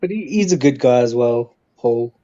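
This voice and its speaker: A man hosting a relaxed livestream, chatty and full of jokes, now and then dropping into quick impressions. His voice sits at an ordinary middle pitch. The sound is dull and lo-fi, like stream audio. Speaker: stream host. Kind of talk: casual livestream chat.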